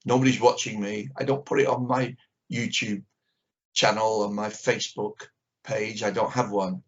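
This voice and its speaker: A man's voice: on the low side, steady tone, normal speed. An older man, a karate teacher, speaking bluntly and with strong opinions as an interview guest on a video call. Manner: blunt and opinionated, acts out little exchanges. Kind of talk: candid conversation. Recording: dull lo-fi video call audio.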